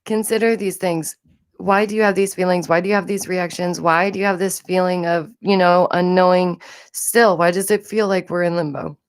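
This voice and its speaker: A woman chatting on a livestream from home, her voice sitting a little low. She rambles from point to point and laughs often. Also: fairly even intonation, moderate pace, smooth, no echo, clean studio sound. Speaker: livestream host. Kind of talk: casual livestream commentary.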